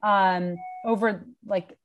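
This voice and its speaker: A middle-aged woman chatting as a podcast guest, telling a lively story and acting out quoted lines, with casual swearing. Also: medium pitch, slow. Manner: animated, acts out quoted dialogue, swears casually.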